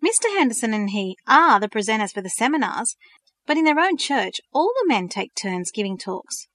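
Brief: earnest curious teen girl, read by a woman, higher pitched, dry close storybook read. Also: sing-song, moderate pace, fairly bright tone, no echo. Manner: questioning, earnest. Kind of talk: storybook reading.

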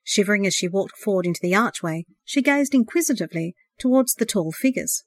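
A woman's voice: medium pitch, animated, a little fast, no echo. Woman narrating an audiobook, dry sound.

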